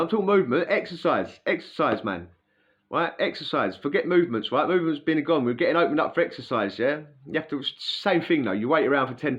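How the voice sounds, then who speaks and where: A man's voice: mid-range voice, highs cut off. A man telling a story in a chatty, slangy way, often checking in with "yeah?". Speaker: former prisoner telling a story. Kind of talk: casual storytelling.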